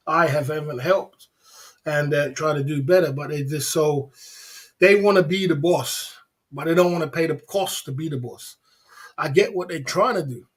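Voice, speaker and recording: A man's voice: on the high side, slightly rough. A man hosting a casual livestream, talking in a preachy, repetitive way full of rhetorical questions. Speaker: livestream host.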